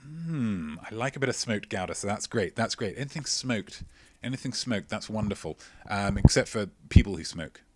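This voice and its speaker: A man's voice: on the low side, animated, moderate pace, slight background noise. A man hosting a live-streamed quiz, reading out viewers' answers with chatty, self-mocking jokes. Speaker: quiz show host.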